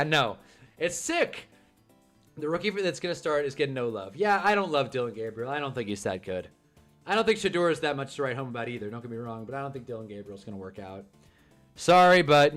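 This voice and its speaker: With a mid-range, fairly bright voice, a young man runs a casual live stream, going off about football while reading chat. Swearing and laughter come up often.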